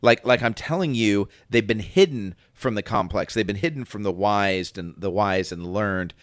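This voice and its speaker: A man's voice: fairly low pitch, normal speed, dry recording, clean studio sound. A man co-hosting a casual faith podcast, talking things through reflectively and acting out quoted voices as he goes. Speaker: podcast co-host.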